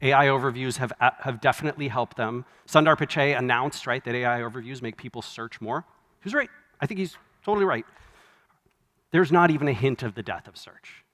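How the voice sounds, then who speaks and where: A man giving a live conference keynote, conversational and wry, with quick asides and self-corrections. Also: medium pitch, a bit bright. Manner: wry, laughs at his own jokes. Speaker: conference speaker. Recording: long hall reverb from a live venue.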